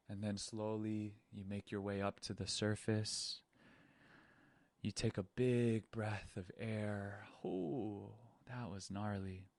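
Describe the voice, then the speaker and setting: A man hosting a spiritual podcast, telling a story in a slow, dramatic way, with repeated phrases and swings between whispers and panicked outbursts. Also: on the low side, clean tone, dry recording. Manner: repetitive, hypnotic phrasing. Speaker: podcast host.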